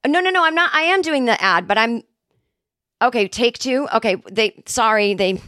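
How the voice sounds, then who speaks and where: A woman's voice: on the high side, expressive, brisk, fairly bright tone, no room sound. Woman, 40s, solo comedy podcast host; rambling, sarcastic, close and dry. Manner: rambling, self-interrupting, sarcastic.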